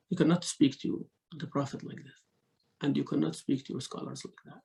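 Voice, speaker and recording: A man giving a religious lesson, mixing quick recitation into his English explanations and acting out examples of speech. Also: a little high, fairly even intonation, gravelly, mellow, rough recording. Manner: mixes Arabic recitation into English teaching, acts out rude and polite speech. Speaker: sheikh teaching Quran commentary.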